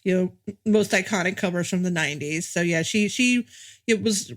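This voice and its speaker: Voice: medium pitch, moderate pace, fairly bright tone. A podcast co-host discussing a film in casual chat, with lots of fillers and repeated starts.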